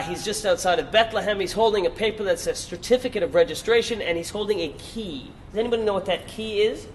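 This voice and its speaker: Man, high-pitched, lecturing a live audience, rhetorical questions, light background noise. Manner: emphatic repetition. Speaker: workshop presenter.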